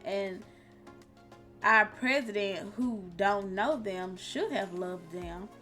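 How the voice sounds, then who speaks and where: A woman's voice: mid-range voice, slow, bright, forceful tone, soft background music. A woman streamer giving casual, blunt and exasperated commentary in colloquial speech. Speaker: reaction streamer.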